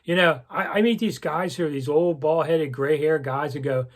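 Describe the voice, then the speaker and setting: A man's voice: on the high side, moderate pace, hardly any pauses. A man in his sixties, a longtime sports columnist, reminiscing to camera in a casual, rambling way with lots of asides. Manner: rambling storyteller with frequent asides and self-corrections. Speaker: sports columnist hosting his own channel.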